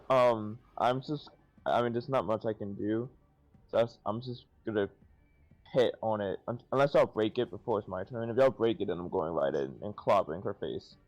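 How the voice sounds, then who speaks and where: A man's voice: lowish voice, moderate pace, darkish tone, soft background music. A man playing a tabletop game, joking, laughing and talking in slang. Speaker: player. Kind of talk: casual tabletop play.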